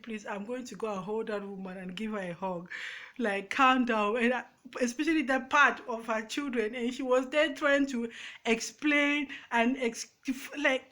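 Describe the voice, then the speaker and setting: Her voice is slightly high and fairly bright. She's a Cameroonian-accented YouTuber doing an off-the-cuff rant to her phone's front camera, emotional and emphatic, with lots of restarts.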